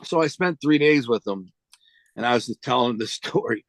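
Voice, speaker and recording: A man guest telling his story in casual street slang, animated and full of quoted dialogue. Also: mid-range voice, brisk, no room sound. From United States. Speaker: interview guest.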